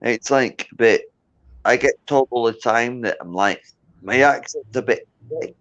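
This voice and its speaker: A man's voice: medium pitch, unhurried, a bit bright. A Scottish man, tipsy with hiccups, rambling in boisterous drunken banter as a guest on a livestream. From Scotland. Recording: dull lo-fi sound.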